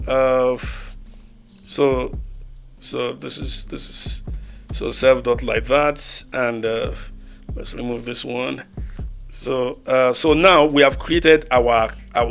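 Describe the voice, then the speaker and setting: A man walking through a programming project on screen, talking haltingly with many fillers, repeats and restarts. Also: mid-range voice. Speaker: programming tutor. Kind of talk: screen-recorded coding walkthrough.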